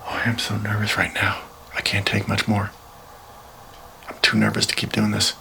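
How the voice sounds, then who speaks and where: Nervous low gravelly man ghost hunting. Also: monotone, moderate pace, a little hiss or hum, rough recording. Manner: nervous, calls out to spirits, drops to hushed whispers. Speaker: paranormal vlogger. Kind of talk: solo ghost-hunting video diary. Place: inside a house, alone.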